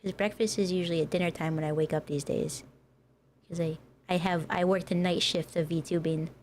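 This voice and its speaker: A woman's voice: on the low side, steady tone, fairly quick, a little mellow, slight background noise. An American woman who streams as a VTuber, chatting casually with her viewers and laughing often. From United States. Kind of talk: casual livestream chat.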